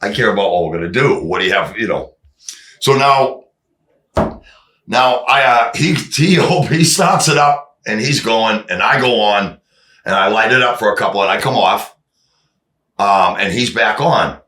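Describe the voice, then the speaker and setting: A man, a drummer guest, telling stories in casual chat, animated, acting out what people said and swearing freely. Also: on the low side, measured pace, roomy sound. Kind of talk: casual storytelling.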